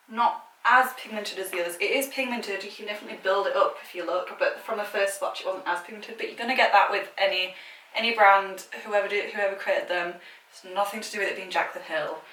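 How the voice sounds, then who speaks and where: A British beauty vlogger with a medium-pitched, slightly bright voice chats casually while swatching makeup. She gushes and uses plenty of filler words, recorded from a distant mic in an echoey room.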